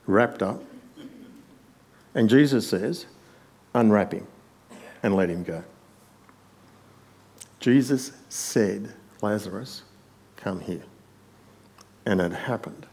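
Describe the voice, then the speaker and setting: A man preaching an expository sermon, rising to emphatic peaks on quoted lines and dropping quiet on asides. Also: lowish voice, husky.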